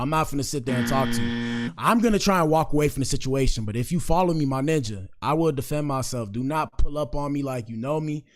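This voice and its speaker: A young man hosts a casual commentary stream in a middle-pitched, laid-back voice. He talks loosely and repeats himself, with slang and plenty of "bro". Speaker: commentary show host.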